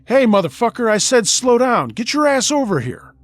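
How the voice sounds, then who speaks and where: A man voicing young street toughs who shout threats while chasing someone. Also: extremely high pitch, very animated, moderate pace, pitched above the performer's own voice. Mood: menacing yelling. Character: gang of young men yelling in pursuit.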